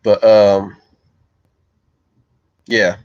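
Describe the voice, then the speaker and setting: A man's voice: on the low side, little pitch movement, extremely slow, a little mellow, no room sound. A man rambling casually on a livestream, often stammering and repeating words, in a dull, dry recording. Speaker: streamer.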